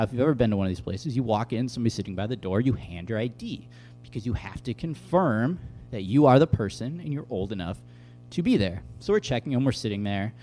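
A young adult man giving a casual, conversational bible teaching, telling stories with lively asides. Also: lowish voice. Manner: conversational, animated storytelling with asides.

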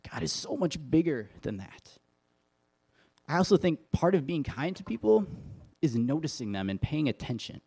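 A man's voice: fairly high pitch, sing-song, normal speed, darkish tone, husky. A middle-aged man from Wisconsin giving a sermon, telling stories with self-deprecating humor in an easy conversational way. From Wisconsin, USA. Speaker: pastor.

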